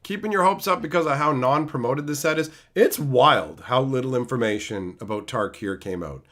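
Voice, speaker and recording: A man's voice: mid-range voice, moderate pace. A man in his thirties, live-streaming and chatting with viewers by name, ranting with lots of profanity. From Canada. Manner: animated, profane ranting, answering chat by name.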